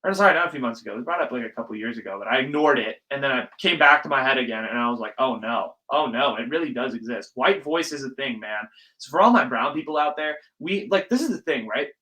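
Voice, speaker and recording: A young man hosts a solo podcast in a casual, ranting style. His voice is bright and sharp, sitting in an ordinary middle pitch. He talks emphatically, swears freely and swings between loud bursts and quiet asides. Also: expressive, fast talker, poor audio. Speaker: podcast host.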